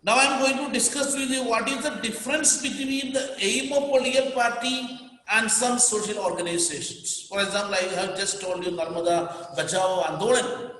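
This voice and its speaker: Indian male teacher, high voice, emphatic and repetitive, booming hall reverb. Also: normal speed, pushed and bright, slight background noise. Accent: Indian English. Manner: repetitive, emphatic, dictating to students. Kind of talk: classroom lecture.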